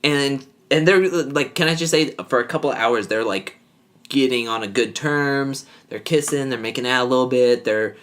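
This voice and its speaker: A man's voice: mid-range voice, moderate pace, fairly bright tone. Rambling man recapping a TV show. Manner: rambling, filler-heavy, acts out quoted lines. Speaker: podcast co-host. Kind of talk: casual chat recapping a TV show.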